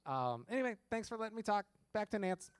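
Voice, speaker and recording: A man with a fairly high speaking voice talks from a stage microphone at a live event, rambling through enthusiastic announcements with plenty of ums and uhs. The sound is close and dry, with little room around it. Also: very animated, fast talker, clear, resonant tone, dry recording. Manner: rambling, filler-heavy, enthusiastic. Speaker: arts organization director speaking at a live show. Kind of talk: informal onstage announcements.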